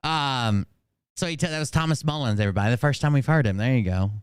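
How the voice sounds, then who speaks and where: A man's voice: medium pitch, animated, very fast, background noise. A man streaming casual commentary, reading quotes aloud with sarcastic asides and plenty of filler words. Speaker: streamer reacting to clips.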